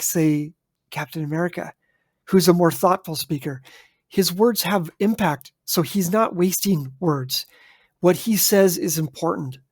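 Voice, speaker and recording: A man's voice: a little high, dry recording, studio quality. A man co-hosting a podcast in casual chat, emphatic and addressing listeners directly. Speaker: podcast co-host.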